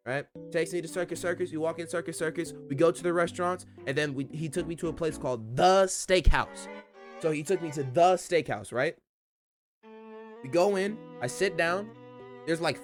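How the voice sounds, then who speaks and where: A man streamer telling a story animatedly to his audience, excitable and quick to burst into laughing outbursts, repeating lines for emphasis. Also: on the high side.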